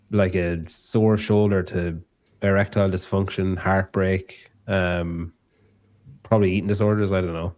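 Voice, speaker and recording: A man's voice: sits low, darkish tone. A man hosting a casual podcast, joking and rambling, swearing freely. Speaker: podcast host.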